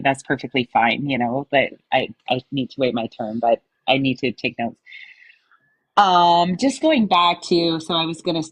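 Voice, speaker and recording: A woman's voice: very deep voice, poor audio. A woman guest, an immigrant to the United States, speaking hesitantly in a casual discussion. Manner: hesitant, many restarts.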